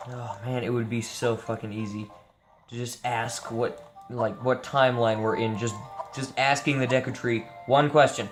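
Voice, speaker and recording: A man's voice: mid-range voice, little pitch movement, moderate pace, faint music behind. A young man giving casual, rambling and profane gameplay commentary, sleepy and joking as he plays. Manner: tired, rambling, jokey and profane. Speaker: gameplay streamer.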